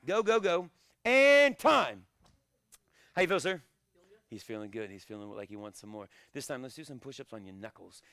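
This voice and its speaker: Male karate instructor, dry close sound, energetic drill calls and jokes. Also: lowish voice, fast talker, no room sound. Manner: energetic, shouts encouragement and countdowns, jokes between sets. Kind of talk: live online fitness class coaching.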